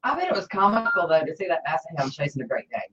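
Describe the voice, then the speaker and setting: A man's voice: on the high side, big pitch swings, racing, sharp tone. Man chatting on a lo-fi mic. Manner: reactive, short comments and laughs. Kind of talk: casual chat. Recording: dull lo-fi with faint noise.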